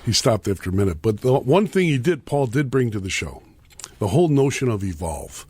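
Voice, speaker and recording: A man's voice: mid-range voice, big pitch swings, brisk, a little mellow, breathy edge, no room sound. A man co-hosting a talk radio show, giving wry, opinionated commentary. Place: radio studio. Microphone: studio microphone.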